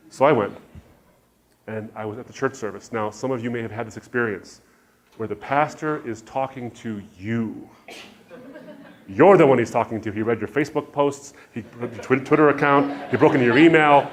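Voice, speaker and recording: A middle-aged man giving a personal testimony as a Christian speaker, telling his story in an animated way and acting out the dialogue. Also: mid-range voice, a little fast.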